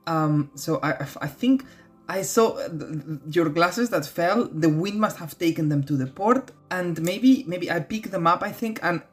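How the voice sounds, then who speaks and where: A woman taking part in a tabletop role-play, hesitant and stammering as she talks. Her voice sits a little low. Quiet music plays behind her. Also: a little slow. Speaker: player.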